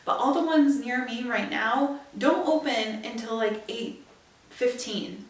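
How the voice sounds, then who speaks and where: A young woman podcast host telling a story in a chatty, animated way, with emphatic asides. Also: a little high, unhurried. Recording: echoey room, distant from mic.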